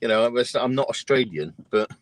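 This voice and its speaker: A man's voice: mid-range voice, expressive, brisk. A British man, a guest trucker, chatting casually and often laughing through his stories. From Britain. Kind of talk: casual chat.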